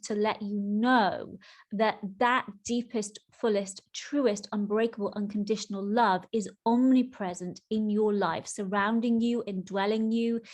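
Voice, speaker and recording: An earnest middle-aged woman chats alone on her podcast as a spiritual coach. She speaks from the heart, stretching out key words. Her pitch sits at an ordinary middle level for a woman. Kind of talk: solo podcast chat.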